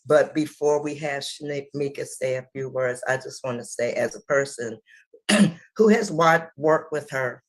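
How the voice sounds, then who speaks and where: A woman's voice: rumbling low, rough recording. A woman hosting an online community meeting, speaking casually and affectionately. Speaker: meeting host.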